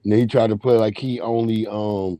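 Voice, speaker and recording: A man's voice: lowish voice, flat delivery, fairly quick, dark tone, no echo. A man hosting a livestream, swearing freely and laughing as he tells stories and greets his chat. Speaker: livestream host.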